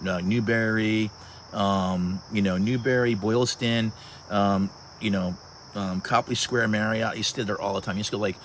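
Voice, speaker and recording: A man's voice: lowish voice, a little hiss or hum. A man in his early sixties hosting a casual livestream outdoors, chatting with viewers and greeting them by name, with frequent restarts. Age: 60s. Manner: talkative, restarts, addresses viewers by handle. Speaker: livestream host. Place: outdoors at sunset.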